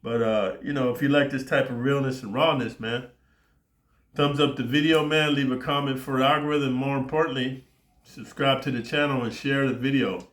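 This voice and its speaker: A man's voice: mid-range voice, steady tone, normal speed, fairly bright tone. Brash, foul-mouthed storyteller man. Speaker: YouTube storyteller. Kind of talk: profane storytelling rant. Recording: roomy echo.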